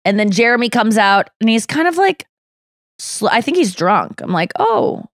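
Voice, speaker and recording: Woman, podcast host, animated storyteller who curses a lot, expressive pitch, close dry studio sound. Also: normal speed, no room sound. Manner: animated storyteller, swears freely, acts out quotes. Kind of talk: casual chat.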